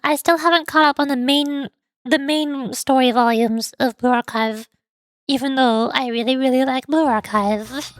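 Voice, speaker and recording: A woman's voice: high voice, fairly even intonation, moderate pace, dry recording, clean studio sound. A young woman streamer chatting casually and rambling, giggling often and stumbling over her words.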